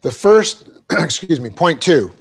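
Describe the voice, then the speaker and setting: Male pastor-teacher, slightly high voice, slow deliberate dictation, wry asides. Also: sing-song, vocal fry, slightly rough. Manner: dictates punctuation slowly, joking asides. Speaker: pastor teaching a Bible class. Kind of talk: verse-by-verse Bible teaching. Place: church classroom.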